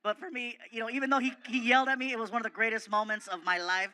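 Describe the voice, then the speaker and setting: Bright-voiced, excitable male comedian. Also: very high-pitched, racing, clean tone. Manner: animated, excitable, self-mocking. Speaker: guest comedian. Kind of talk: comedic storytelling in an interview.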